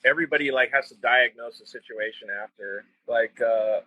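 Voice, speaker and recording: A man's voice: medium pitch, moderate pace, dry recording, lo-fi sound. A man hosting a casual live-stream chat show, enthusiastic and rambling with lots of fillers. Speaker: show host.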